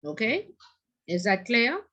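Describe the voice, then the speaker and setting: A woman's voice: on the high side, big pitch swings, slow pace, pushed and bright. A woman instructor teaching an online class, chatty and teasing, telling stories between questions to her students. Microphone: video call. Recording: dull lo-fi video call audio.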